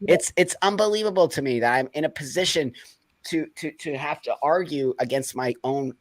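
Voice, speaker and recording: A man's voice: on the high side, moderate pace, dry recording. A man speaking as an interview guest, blunt and passionate, sometimes close to tears. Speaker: guest activist. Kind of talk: emotional interview talk.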